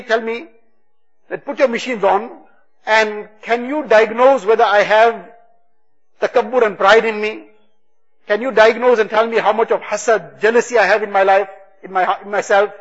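A man giving a religious talk, retelling stories with quoted dialogue in a husky voice. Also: high voice. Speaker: religious speaker. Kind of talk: sermon storytelling. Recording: dull lo-fi recording.

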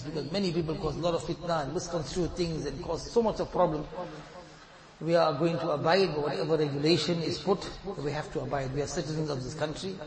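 A man with a high voice leads the congregation as imam, pleading fervently and repeating a refrain after each line. The sound rings through a reverberant mosque hall, with the gathered congregation audible behind him. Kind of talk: leading congregational supplication and announcements.

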